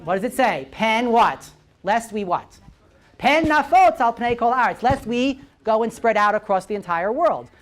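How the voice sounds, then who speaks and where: A male lecturer with a lively, swooping delivery, teaching a Bible class to a room of listeners. He punctuates almost every point with a quick "right?" or "okay?" and keeps turning to quiz the audience. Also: very high voice. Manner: constantly checks in with "right?" and "okay?"; poses questions to the audience. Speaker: visiting lecturer.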